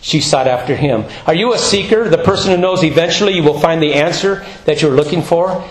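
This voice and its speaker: A pastor delivers a sermon with animated, rising emphasis and quieter, lower stretches. His voice sits a bit high for a man, and the room around him rings with echo. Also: brisk.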